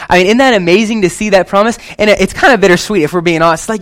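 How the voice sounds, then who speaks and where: A young man preaching a sermon to his church in a lively, conversational way, with quick asides and casual slang. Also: sits high. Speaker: pastor.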